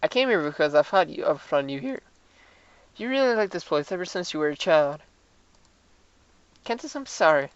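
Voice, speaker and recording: A quiet, regretful mother's voice that apologizes gently, as a woman reads her. It is low and close, and the recording comes across dull and lo-fi in a dry space. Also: animated, normal speed, long pauses, clear, resonant tone, no room sound. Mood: remorseful. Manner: soft and apologetic. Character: remorseful middle-aged mother, soft-spoken.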